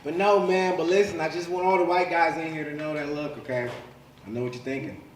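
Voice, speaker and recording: A man in his forties does a live stand-up set on a comedy club stage, his voice on the high side and fast, with a little hiss or hum. He is loud, profane and punchy, often saying "you know what I'm saying," as the audience laughs in a roomy, distant live recording.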